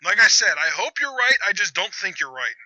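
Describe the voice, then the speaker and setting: A man's voice: high voice, sing-song, fairly quick, pushed and bright, dry recording, dull audio. A young man hosting a live reaction chat, exclaiming, groaning and arguing with his co-host. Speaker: channel host.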